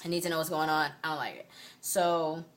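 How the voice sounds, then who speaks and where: A woman's voice: low voice, steady tone, a little fast, fairly bright tone. A woman vlogger telling a story to her phone camera in a sassy, emphatic, indignant way. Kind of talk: casual storytelling vlog.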